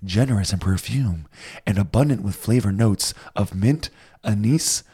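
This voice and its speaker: A man's voice: fairly low pitch, moderate pace, mellow, husky. A man from Rhode Island co-hosting a podcast, chatting casually and laughing often. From Rhode Island, United States. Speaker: podcast co-host. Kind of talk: casual chat.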